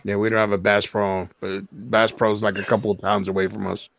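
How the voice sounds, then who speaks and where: A man co-hosting a casual livestream, agreeable and a bit halting as he chats. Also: fairly low pitch, flat delivery, vocal fry, highs cut off, slight background noise. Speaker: co-host.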